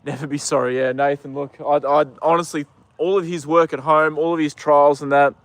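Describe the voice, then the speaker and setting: A man's voice: on the high side, steady tone, fairly quick. A young Australian man chatting casually on a live stream outdoors, rambling with lots of ums and uhs. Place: outdoors with a horse.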